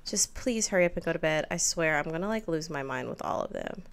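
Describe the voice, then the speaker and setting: A young woman giving casual gameplay commentary, chatting quickly and scolding the game characters in exasperation, with swearing, laughs and sighs. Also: sits low, animated, smooth. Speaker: gaming YouTuber.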